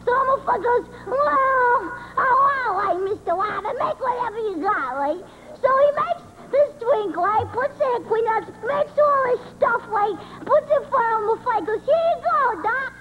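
Squeaky high Muppet joke-teller. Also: male voice, lively intonation, normal speed, few pauses. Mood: chatty. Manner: rambling joke-telling, ends lines with "right?". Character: high-voiced male Muppet monster, a chatty joke-teller. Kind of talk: live puppet stand-up at a party. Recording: dull lo-fi 1980s camcorder audio with faint noise.

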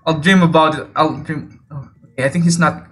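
A man giving jumpy, excitable gameplay commentary, teasing other players and often yelping and laughing. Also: a little high, brisk. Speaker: video game player. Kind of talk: let's play gameplay commentary.

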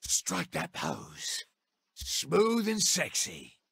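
A man's voice: medium pitch, huge pitch swings, very slow, vocal fry, a bit bright, breathy edge, no room sound, studio quality, full character voice. An actor with a British accent voicing a cocky, brash male gang-boss president in a video game, throwing crude, mocking taunts. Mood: taunting. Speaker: player character taunting.

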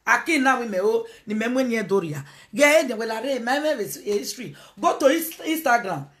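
A woman's voice: fairly high pitch, moderate pace. A Nigerian woman hosting a casual live video, talking to her viewers and slipping into Pidgin. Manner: animated, switches into Pidgin, calls out to viewers. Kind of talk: casual live-stream talk.

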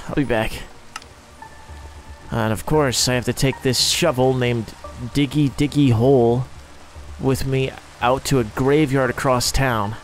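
A young man narrating his own game role-play in a sarcastic, self-mocking running commentary. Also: medium pitch. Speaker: role-play gaming creator.

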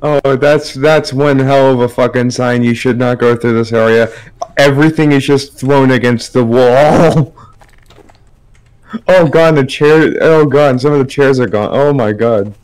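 A man's voice: medium pitch, unhurried, darkish tone, clear, resonant tone, rough recording. A man co-hosting a casual gaming session, laid-back, laughing and swearing in surprise. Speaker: co-host gamer. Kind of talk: casual gaming chat with a friend.

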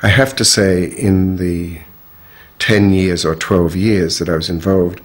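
A husky, low-pitched older man telling his own story in an interview. He speaks in a measured and frank way, with firm opinions. His voice has a breathy grain throughout. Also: fairly even intonation. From Australia. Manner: measured, frank, strong views. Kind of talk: reflective personal storytelling.

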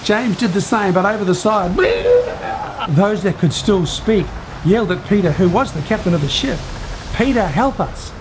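A man telling a Bible story to children in an expressive, storytelling way. His voice sits fairly high for a man. Faint noise hums behind him. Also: moderate pace.

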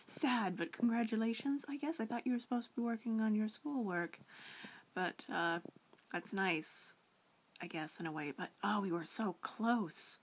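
A woman's voice: mid-range voice, moderate pace, breathy edge. A young woman vlogging a casual reply to a friend, rambling with lots of fillers and restarts, often giggling.

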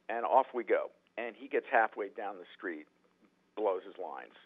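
A man who is a writer-director telling animated stories in an interview, often restarting his sentences. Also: on the low side, a little slow, slightly rough. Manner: animated, acts out quotes, frequent restarts. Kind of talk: anecdotal storytelling in a podcast interview. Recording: tinny phone-like line.

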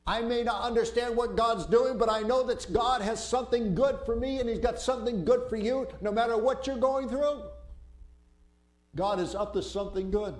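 High-voiced preacher in an echoey church. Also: male voice. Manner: animated storyteller who acts out panicked voices. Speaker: pastor. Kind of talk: sermon. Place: church sanctuary. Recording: roomy church echo.

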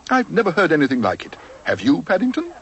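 A man's voice: a little high, wildly swooping pitch, fast, a bit bright, muffled recording, slight background noise, pitched above the performer's own voice. A man voicing a polite, prim middle-aged mother in a cartoon storybook, genteel and firm.

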